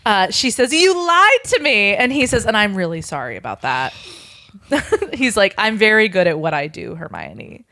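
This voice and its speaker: A woman podcast host reading a fan fiction story aloud, voicing the dialogue in a hushed, deadpan way. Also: mid-range voice, moderate pace, no room sound, studio quality. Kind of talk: casual reading aloud with chat.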